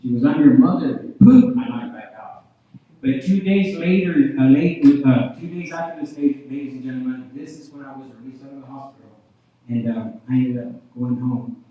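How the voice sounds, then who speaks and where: A man preaching a revival sermon as a guest preacher, telling his testimony and often calling out "ladies and gentlemen", his loudness rising and falling. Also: mid-range voice, normal speed. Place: church hall. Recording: echoey hall, distant dull mic.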